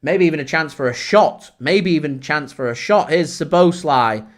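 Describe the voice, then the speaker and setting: Guy doing live match commentary for his fan stream, fairly high voice, gets loud and excitable when it kicks off. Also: normal speed. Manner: excitable, shouts and laughs in disbelief at big moments. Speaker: football fan channel host.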